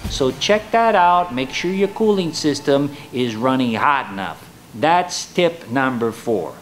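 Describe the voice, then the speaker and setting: A man's voice: medium pitch, expressive, a little slow, faint music behind, lightly acted. A man playing a folksy, hammy car dealer, delivering a comedic sketch monologue in salesman patter. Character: hammy, folksy male used-car dealer giving tips.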